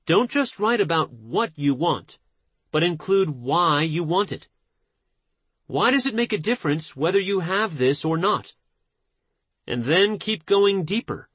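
A man narrating a nonfiction audiobook in a measured, steady reading voice. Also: fairly high pitch, slightly rough, no room sound.

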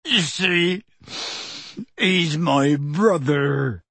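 Gentle giant, deep and rough, slow and pleading, a man putting him on, audiobook, dry sound. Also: no echo, heavily acted. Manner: hushed, slow, earnest pleading. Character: huge gentle half-giant man, tearful and anxious. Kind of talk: audiobook character voice.

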